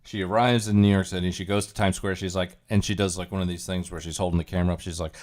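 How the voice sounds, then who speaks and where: A man's voice: sits low, little pitch movement, fast talker, a little mellow. A man hosting a livestream, chatting casually as he reacts to clips, rambling with plenty of fillers and chuckles. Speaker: livestream host.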